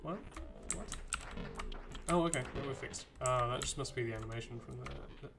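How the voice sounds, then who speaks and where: This streamer talks briskly in a mid-range voice with vocal fry, offering loose live commentary on his video game and addressing the characters directly. Background noise and game music fill out the audio.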